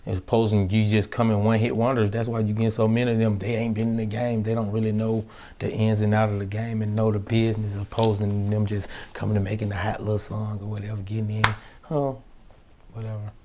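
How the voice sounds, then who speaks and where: A man's voice: lowish voice, completely flat delivery, fairly quick, dark tone. A young man, a rapper, telling studio stories in a loose, slangy interview manner and acting out the quotes. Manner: loose slangy street talk, acts out quotes. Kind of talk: casual interview storytelling.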